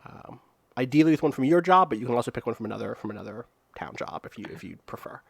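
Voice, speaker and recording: A man's voice: mid-range voice, lively intonation, fast talker, vocal fry, slight background noise. A man playing a tabletop game in casual chat, rambling with many fillers and restarts as he describes his character's scene.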